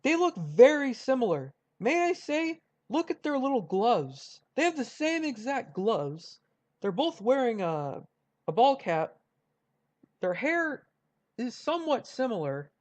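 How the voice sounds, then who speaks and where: His voice is extremely high with big swings in pitch, and he talks a little slowly. A young YouTuber ranking cartoon rivals, he offers casual commentary on his list, rambling with plenty of fillers and restarts.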